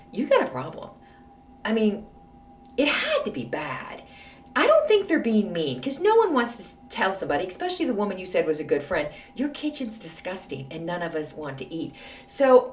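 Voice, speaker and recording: Snarky woman podcaster, lively and roomy. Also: mid-range voice, a little hiss or hum. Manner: snarky, gossipy storytelling with many fillers. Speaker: podcast host answering advice letters. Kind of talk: casual solo podcast chat. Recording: roomy echo, voice off-mic.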